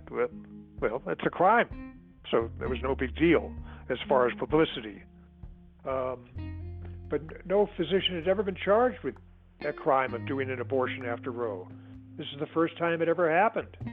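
A man, a lawyer, answering an interview question in a conversational way with small hesitations. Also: on the high side. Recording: tinny phone-like line.

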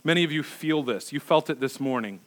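A man's voice: fairly high pitch, fairly quick, fairly bright tone. A middle-aged male pastor preaching a sermon, emphatic and repeating words for stress.

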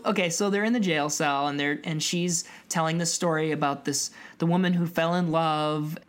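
A woman co-hosting a film podcast, retelling the plot in a chatty, animated way. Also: sits low. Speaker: podcast co-host. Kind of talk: casual film podcast chat.

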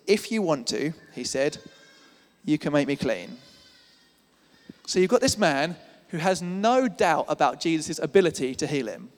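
Male preacher with conversational sermon style. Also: fairly high pitch. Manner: conversational, repeats words while building points. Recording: church hall reverb.

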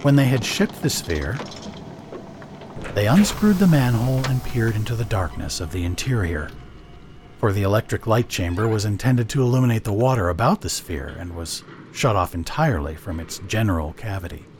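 A man narrating an audiobook story in an expressive storytelling manner. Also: lowish voice, moderate pace, a little hiss or hum.

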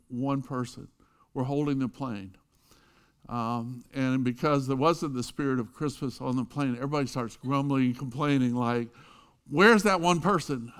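A middle-aged man delivers a sermon in an everyday mid-range voice. He tells stories, punching some lines hard and dropping others to a near hush. His pitch sits right in the middle for a man. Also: clean tone. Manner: storytelling with wide swings between loud emphasis and hushed quiet. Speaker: pastor.

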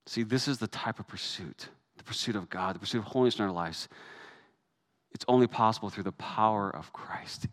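A man, a pastor, preaching a sermon in a conversational way that rises to emphatic peaks. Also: on the low side.

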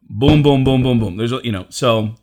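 A man's voice: medium pitch, moderate pace, darkish tone. A male stand-up comedian telling a story in casual chat, acting out the quotes and swearing freely.

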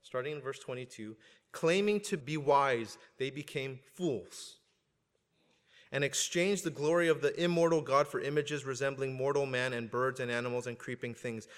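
A male pastor preaching a sermon, animated and joking at times, swinging up to loud emphasis. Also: mid-range voice, normal speed. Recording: long hall reverb.

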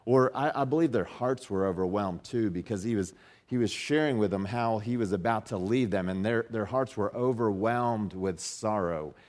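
A man's voice: fairly low pitch, normal speed, darkish tone. A man preaching a sermon as pastor, talking in a loose conversational way with frequent restarts, lifting his voice when he reads and repeats key lines. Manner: conversational, many restarts and fillers, rising emphasis on quotes.

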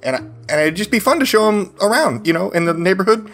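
A man's voice: sits high, lively intonation, fast, fairly bright tone. A man playing a tabletop role-playing game, chattering eagerly and rambling in character. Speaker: player.

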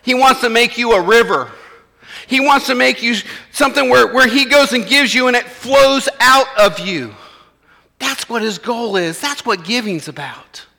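Pastor preaching, high bright voice, big echoey church hall, chatty and plainspoken. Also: male voice, moderate pace, vocal fry. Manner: conversational preaching, acting out congregants' voices. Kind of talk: sermon.

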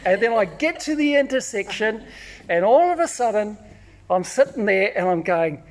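A man preaching a sermon, telling personal stories in an animated way, acting out shouts and often repeating words. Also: high-pitched, moderate pace. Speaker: pastor.

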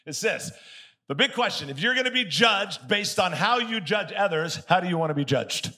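A man preaching a sermon as pastor, telling stories by acting out both sides of a conversation and getting the congregation to say words out loud. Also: sits high, moderate pace. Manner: animated storytelling, acts out both sides of conversations; calls on the congregation to answer aloud.

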